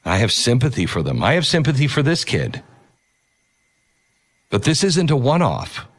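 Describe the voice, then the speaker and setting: Middle-aged guy doing an earnest opinion monologue, normal pitch, slows down to hammer points. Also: wildly swooping pitch. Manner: earnest, emphatic, pauses to stress key words. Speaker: commentator.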